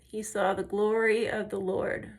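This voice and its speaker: Speaking unhurriedly in a flat, mid-range voice, this woman does her makeup while talking through each step like a tutorial. A makeup and faith vlogger, she's a chatty storyteller who keeps slipping into tangents.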